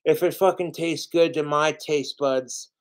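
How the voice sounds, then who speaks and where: A man drags through a live stream at an unhurried crawl, his voice sitting a little high. He curses freely and loops back over the same thoughts. He has been drinking, and it comes out as self-pity. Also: steady tone. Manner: profane, self-pitying, meandering with restarts. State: drinking alcohol. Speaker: YouTuber livestreaming cooking videos. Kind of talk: rambling livestream monologue.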